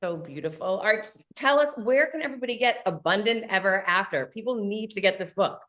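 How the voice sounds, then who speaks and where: A woman's voice: medium pitch, expressive, brisk, a bit bright. Upbeat, gushing woman podcast host. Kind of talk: casual interview talk.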